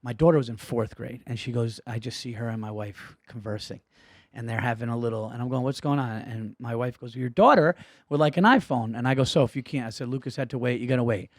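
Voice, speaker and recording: A man talks quickly and animatedly as he tells a story, swearing freely and acting out the people in it. His voice sits in a middling pitch. The sound is dry and close, with no room echo. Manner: animated, profane anecdote telling. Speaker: podcast guest. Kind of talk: casual storytelling.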